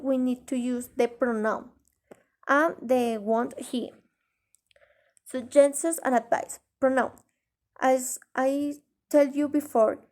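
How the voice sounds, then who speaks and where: A woman teaching an English grammar lesson in a halting way, pausing mid-sentence and reading example sentences aloud. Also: high voice, a little mellow. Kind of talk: grammar lesson explaining tag questions.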